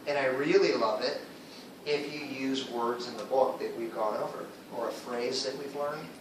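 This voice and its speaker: A man's voice: medium pitch, fairly even intonation, normal speed, distant mic, noisy background. Man teaching in an echoey classroom. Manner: explains patiently, checks in with students often. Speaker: ESL teacher.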